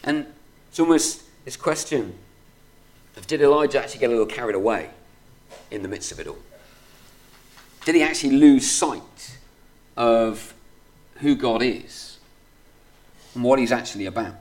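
A man's voice: mid-range voice, animated, moderate pace, pauses often, darkish tone. A man preaching a sermon in a conversational way, reading scripture aloud and filling his talk with "kind of" and "you know". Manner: reads scripture aloud steadily.

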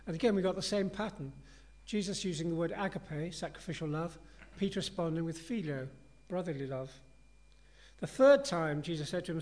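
Guy preaching a sermon, chatty and earnest, bit higher voice than usual for a man. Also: moderate pace, a little mellow. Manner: conversational, earnest and reflective.

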